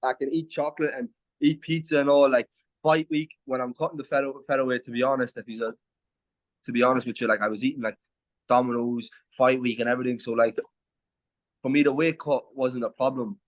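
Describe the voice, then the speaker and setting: A man's voice: mid-range voice, steady tone. A young man, an MMA fighter talking confidently in a casual interview, often restarting his words. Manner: brash and confident, quick restarts.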